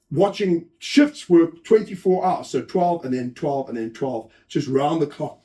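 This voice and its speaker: A man giving a lively conference talk, telling anecdotes, acting out quoted lines and chatting with the audience. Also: mid-range voice. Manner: animated storyteller, acts out quotes, chats with audience. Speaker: host and speaker.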